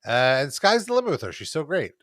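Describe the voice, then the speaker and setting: A man's voice: a little high, big pitch swings, fast talker, a bit bright, no room sound. A man talks as a guest columnist in a casual wrestling recap, enthusiastic and chatty. He rambles through his points, and his voice sounds dry and close.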